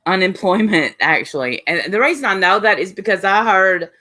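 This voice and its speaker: A woman's voice: medium pitch, fairly quick, pushed and bright. A woman hosting a loose live stream panel in a blunt, gossipy way. Her voice sits in a medium range. She swears freely and talks straight to her chat.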